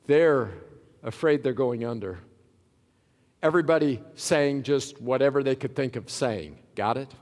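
Man, pastor, sermon, high voice, dramatic loud-to-soft delivery, long hall reverb. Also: expressive, unhurried. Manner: dramatic, swings from loud to hushed.

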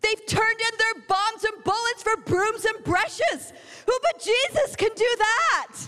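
A woman delivers a sermon with a high, ringing voice. She tells stories dramatically, acting out the people in them. Her words trail off into the long reverb of a large hall. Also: takes it slowly, sharp tone. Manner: dramatic storytelling, acting out quotes. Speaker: preacher.

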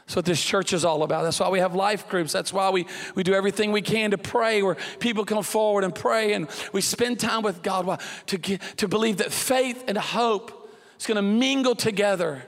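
A man preaching a sermon as pastor, telling a funny story in an animated way and acting out the other people in it. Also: sits high, normal speed. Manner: animated storyteller, acts out voices, exclaims. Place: church hall. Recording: long church hall reverb.

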